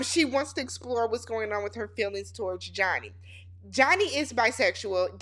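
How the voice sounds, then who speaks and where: Sassy, slightly high-voiced woman recapping TV. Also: pushed and bright. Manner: sassy, blunt, gossipy. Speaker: reality TV recap host. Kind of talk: casual TV recap commentary.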